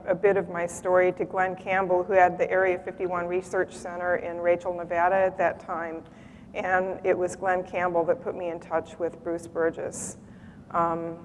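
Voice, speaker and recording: A woman in her sixties giving a measured public talk to an audience, setting details straight with fillers. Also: on the low side. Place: lecture hall. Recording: hall reverb with faint noise.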